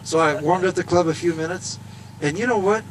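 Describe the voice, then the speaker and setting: Man, folksy storyteller, slightly high voice, outdoor speech, faint noise behind. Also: a little fast, poor audio. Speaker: speaker at a golf event. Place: outdoors at a golf course.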